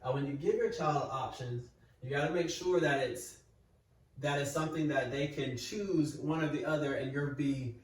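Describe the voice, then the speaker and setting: Calm man teaching in an echoey room. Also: a little high, moderate pace. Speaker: parenting educator. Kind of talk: explaining at a whiteboard. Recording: echoey room, mic far off.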